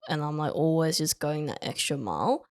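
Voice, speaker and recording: A young woman co-hosting a casual podcast, playful and quick to laugh. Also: low-pitched, expressive, no room sound, studio quality. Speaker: podcast co-host.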